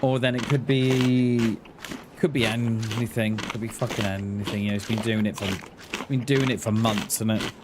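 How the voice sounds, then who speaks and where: Game noise runs behind a man's casual livestream chat as he rambles, hesitates, and often repeats his words. His voice sits on the low side, with fairly even intonation and normal speed.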